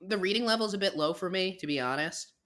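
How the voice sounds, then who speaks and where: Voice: mid-range voice, expressive, quick pace, fairly bright tone. A podcast co-host in casual comedic chat, sarcastic and profane.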